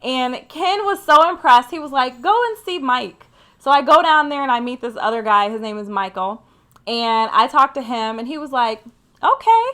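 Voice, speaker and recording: A young woman from Michigan telling a career story to her viewers in a casual, animated way, full of "like" and "you know". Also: a little high, normal speed, clean tone. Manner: chatty and animated, lots of "like". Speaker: career vlogger.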